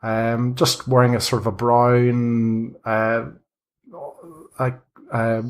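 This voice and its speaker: A man narrating as game master in a tabletop game. He lays out the scene in a halting, unhurried way, stopping often and restarting his phrases. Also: mid-range voice, level tone. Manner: halting, many ums and restarts.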